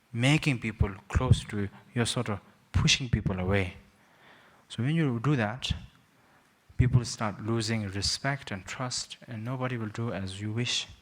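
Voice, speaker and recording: Man rambling through a gentle teaching talk. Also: on the low side. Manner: rambling, self-mocking, with frequent "sort of" and hesitations. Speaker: Buddhist teacher, guest speaker. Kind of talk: informal teaching talk to young people.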